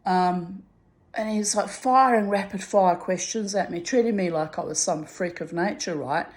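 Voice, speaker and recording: A middle-aged woman telling a personal anecdote in an animated way, acting out the dialogue. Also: lowish voice, normal speed. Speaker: storyteller.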